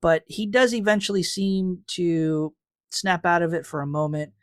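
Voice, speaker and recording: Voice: medium pitch, moderate pace, dry recording, clean studio sound. A podcast co-host in casual recap chat, laying out fan theories in an analytical, hedging way.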